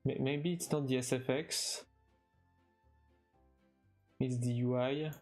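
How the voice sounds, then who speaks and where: A man's voice: mid-range voice, fairly even intonation, a little mellow, soft background music. French-accented young man chatting on stream. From France. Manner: halting, with frequent restarts and fillers, chuckling now and then. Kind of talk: casual live-stream chat while gaming.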